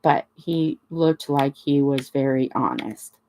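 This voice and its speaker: A woman's voice: rumbling low, takes it slowly. A woman hosting a crafting chat, telling a rambling story in a casual way and acting out the dialogue. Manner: rambling, animated retelling with quoted dialogue. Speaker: crafting channel host.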